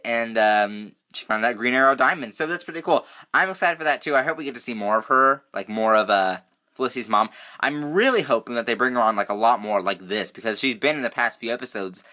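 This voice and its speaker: A young man giving a casual, excitable, rambling review of a TV episode, full of fillers. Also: mid-range voice. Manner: excitable, rambling, many fillers like "you know" and "like". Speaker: TV review vlogger.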